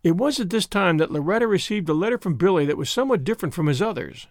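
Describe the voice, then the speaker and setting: A man narrating a classic short story in an expressive, measured reading voice. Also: high voice, no room sound, clean studio sound.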